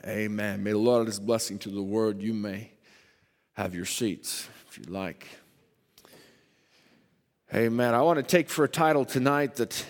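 A man preaching a sermon as pastor, starting in a low conversational voice and building to loud, rising emphasis, with slow, stressed scripture reading. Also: big-room sound. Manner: reads scripture slowly with heavy emphasis. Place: church sanctuary.

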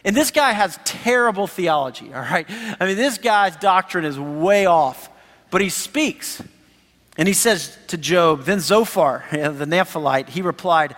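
A man preaching a sermon as pastor, animated and conversational, acting out the voices he quotes. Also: high voice, measured pace. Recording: reverberant hall.

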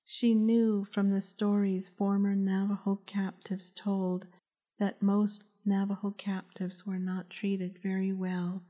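Slow, mellow woman narrating an audiobook. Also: medium pitch, little pitch movement. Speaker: author reading her own audiobook.

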